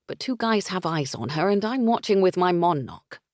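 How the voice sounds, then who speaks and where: A woman's voice: on the low side, very animated, moderate pace, a little mellow, no room sound, studio quality, pitched above the performer's own voice. A woman reading an audiobook voices a man, a protective brother reporting things in a matter-of-fact way.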